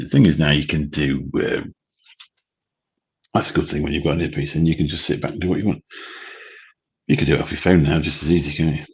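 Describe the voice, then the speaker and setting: Man, late 50s, livestream host; husky, very deep, chatty and rambling. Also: little pitch movement, fast talker, long pauses, darkish tone, highs cut off. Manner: rambling, chatty, swears casually. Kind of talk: late-night livestream chat. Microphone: studio mic through a mixer.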